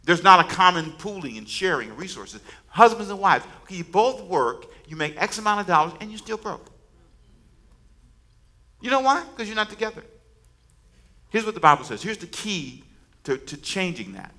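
A man delivering a sermon in a bright, forceful voice, pitched a little above the usual. He preaches emphatically, repeats his words and calls on the congregation to answer back. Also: sing-song, normal speed, long pauses. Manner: preaching with call-and-response to the congregation. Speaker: pastor.

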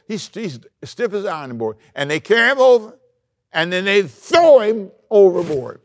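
A male pastor preaching a sermon, animated, acting out the scripture story with big swings in loudness. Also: high-pitched, normal speed, no room sound, clean studio sound.

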